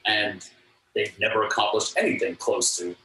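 A man guest telling anecdotes in an interview with an earnest, animated manner, acting out what others said. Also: lowish voice, moderate pace, slight background noise. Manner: animated, earnest, acts out quotes. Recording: echoey room, distant mic, faint ambience.

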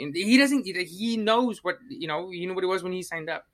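A podcast co-host in casual movie-review chat, talking in an animated way, swearing and acting out their own reactions. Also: medium pitch, quick pace, few pauses.

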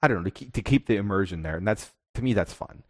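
A man who co-hosts a podcast, talking in a casual, reflective way and often restarting his thoughts. His voice sits low. The recording is dry and close, with no room sound. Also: animated, fast, no room sound. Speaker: podcast co-host. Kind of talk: casual chat about tabletop gaming.

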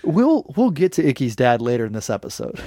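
Lively, animated podcast co-host man. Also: mid-range voice, a little fast, no echo, studio quality. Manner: animated, laughs often, acts out scenes. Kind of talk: casual chat.

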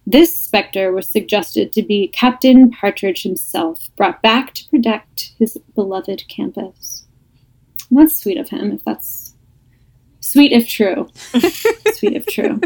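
A woman's voice: medium pitch, takes it slowly, a little mellow, poor audio. A woman podcast host reading listener ghost stories aloud, breaking off for laughing asides.

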